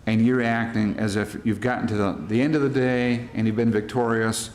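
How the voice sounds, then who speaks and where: Leading a church Bible study, this middle-aged man from the United States talks through worksheet questions in a mid-range voice with a steady tone and moderate pace. His style is plain and conversational, putting scripture into everyday language.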